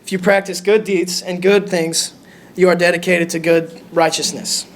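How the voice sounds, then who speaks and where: Nervous high-voiced young man preaching. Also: flat delivery, slight background noise. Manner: nervous, halting, with many restarts. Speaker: lay preacher. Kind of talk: short church sermon. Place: church sanctuary.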